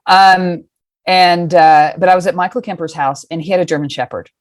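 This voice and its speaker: A woman in her fifties with a low voice tells stories frankly, drifting off on tangents and swearing casually. The sound is close and dry, with no room around it. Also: steady tone, normal speed, no room sound. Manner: frank, rambling, profane. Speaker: guest. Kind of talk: casual storytelling.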